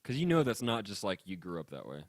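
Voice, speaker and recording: Animated ranting young man. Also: lowish voice, fast, no room sound. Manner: animated, ranting, laughs often. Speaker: podcast co-host. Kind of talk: casual podcast chat.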